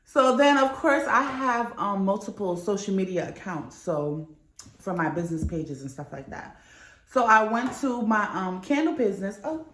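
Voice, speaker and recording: A woman's voice: mid-range voice, normal speed, a bit bright, roomy sound. A young woman vlogging in a casual, candid chat, swearing freely as she tells a story. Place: New York.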